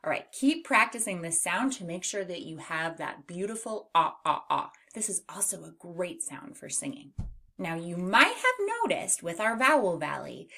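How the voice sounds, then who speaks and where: A woman teaching a children's phonics lesson, slowly stretching out and modeling each sound. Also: on the low side, big pitch swings, pushed and bright. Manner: slow, exaggerated sound modeling.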